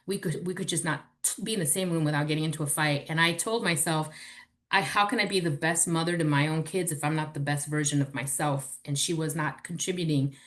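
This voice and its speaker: A woman's voice: low-pitched, brisk. A woman in her forties, a podcast guest, candidly and animatedly telling personal stories in casual chat. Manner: candid, animated storytelling with swearing.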